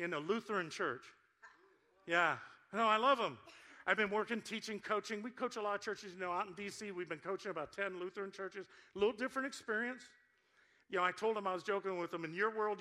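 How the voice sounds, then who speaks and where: A male pastor delivers a sermon in a church, with a high-pitched voice. He tells stories in an animated, joking way and talks straight to the congregation. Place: church sanctuary.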